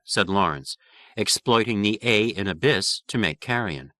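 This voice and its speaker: A man reading an audiobook aloud with measured, clear delivery. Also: low-pitched, bright, forceful tone, no room sound, clean studio sound. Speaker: audiobook narrator.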